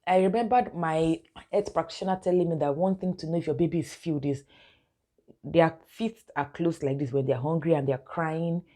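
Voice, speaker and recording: Chatty mother, low warm voice. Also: steady tone, normal speed. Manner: chatty, keeps addressing viewers as guys, laughs often. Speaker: mother giving baby-care tips. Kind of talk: casual instructional vlog.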